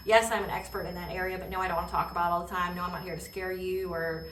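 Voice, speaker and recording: Bright-voiced woman tarot reader, echoey. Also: on the low side, little pitch movement, rapid-fire, slight background noise. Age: adult. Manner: rambling, many fillers and "okay?" check-ins; laughs while telling stories. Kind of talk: casual spiritual reading. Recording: roomy echo, distant mic.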